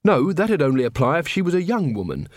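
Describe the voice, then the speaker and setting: A man's voice: fairly high pitch, very animated, fairly quick, no echo, studio quality. A man voicing a loyal, earnest young corporal who speaks eagerly and politely. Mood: musing.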